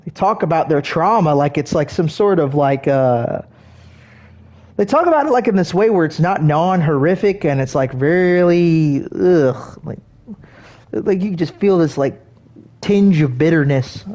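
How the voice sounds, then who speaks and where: Male streamer, slightly high voice, loose profane ramble full of fillers, chatting to viewers mid-game. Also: darkish tone. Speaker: gaming streamer. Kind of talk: rambling livestream chat while gaming.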